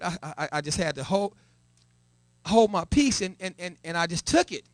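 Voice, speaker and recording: Captured on a church live stream, a middle-aged elder gives testimony in the sanctuary, his voice sitting high with lively intonation and a fairly quick pace. There's no echo. Repeating words as he goes, he rises to an emphatic, raised voice.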